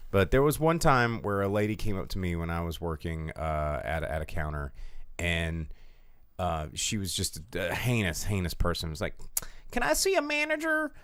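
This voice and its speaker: A man co-hosting a casual movie chat, telling animated stories and mocking rude people in shrill put-on voices. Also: normal speed, smooth, no room sound. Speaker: podcast co-host.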